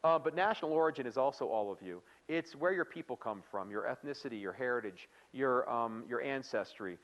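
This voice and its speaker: A man's voice: mid-range voice, animated, a little fast, fairly bright tone, dull audio. A man giving a live workplace training lecture, chatty and playful, often quizzing the audience with questions. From United States. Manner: playful, acts out quoted remarks.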